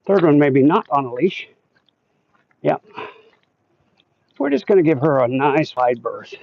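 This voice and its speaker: A man's voice: a little high, expressive, measured pace, gravelly. A man hosting a casual livestream while walking outdoors through a neighborhood, chatting and reading viewer comments aloud. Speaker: livestream host. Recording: dull lo-fi sound, dry.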